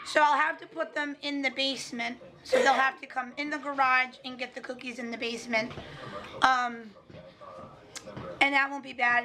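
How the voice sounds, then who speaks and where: A woman with a slightly hoarse voice, chatting casually to a handheld camera in a family vlog. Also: high-pitched, sharp tone. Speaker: family vlogger.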